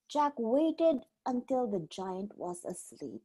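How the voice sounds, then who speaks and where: A preschool teacher reads a storybook aloud, taking her time with every line. Her voice sits fairly high and mellow and swings widely, keeping the telling lively. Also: husky. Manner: expressive, slow storytelling.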